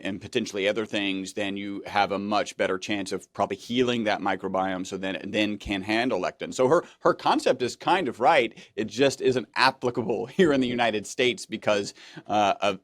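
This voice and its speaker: A male host asking questions in a relaxed, chatty interview. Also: fairly low pitch, normal speed, no echo, clean studio sound. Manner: chatty, casual questioner with fillers. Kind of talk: casual interview.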